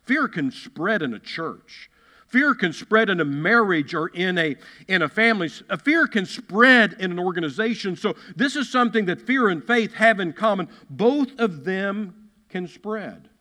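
A man's voice: high-pitched, animated, measured pace, bright, forceful tone. A man preaching a sermon as a pastor, emphatic, repeating key phrases and acting out the quotes he reads. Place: church sanctuary. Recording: long hall reverb.

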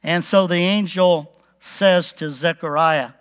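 A man preaching a relaxed Bible-teaching sermon, chuckling now and then and acting out the quotes. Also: high-pitched, slow pace.

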